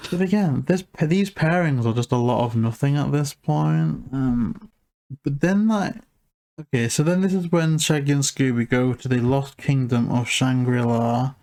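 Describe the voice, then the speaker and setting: Casual male co-host, loose and rambling, mid pitch. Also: measured pace, gravelly, a little mellow. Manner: rambling, heavy use of filler "like". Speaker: podcast co-host reviewing a film. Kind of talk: casual chat.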